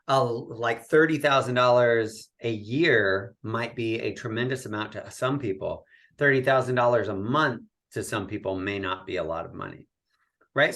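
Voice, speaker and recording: A man speaks as a guest on a podcast, explaining his points in an animated, coaching manner. He keeps checking in with the listener by asking "right?" as he goes. His voice sits at an average pitch. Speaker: real estate coach, guest. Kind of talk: conversational podcast interview.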